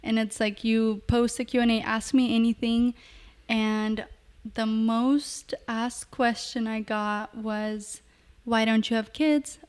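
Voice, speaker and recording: A woman's voice: a little high, flat delivery, takes it slowly, darkish tone, clean tone. Candid woman podcast co-host. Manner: candid, laughs often. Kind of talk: casual podcast chat.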